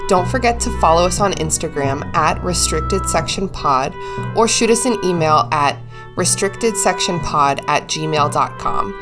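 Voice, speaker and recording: A woman's voice: lowish voice, animated, unhurried, over music. A woman hosting a podcast, chatting casually, swearing freely and laughing often. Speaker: podcast host.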